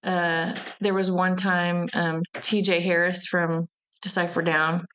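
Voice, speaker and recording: A woman's voice: lowish voice, level tone, takes it slowly, fairly bright tone, smooth. A woman, a festival's event director, chatting as an interview guest and telling rambling, laughing anecdotes. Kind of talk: casual interview chat.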